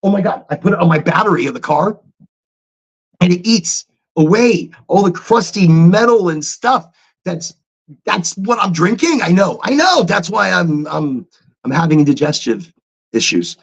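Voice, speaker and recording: A man hosting a casual livestream chat, talking in an animated, rambling way with chatty asides. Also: high-pitched, unhurried, vocal fry, husky. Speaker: livestream host. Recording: dull lo-fi stream audio.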